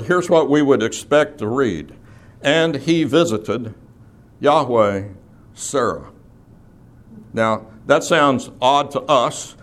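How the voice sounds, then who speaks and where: A man teaching a Bible class, explaining things step by step in a methodical way with occasional fillers. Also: medium pitch.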